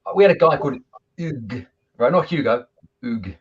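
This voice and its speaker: A man's voice: a little high, quick pace, slightly rough, lo-fi sound. A man, a football coach, telling stories in a casual video chat. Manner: animated storyteller, laughs at his own anecdotes.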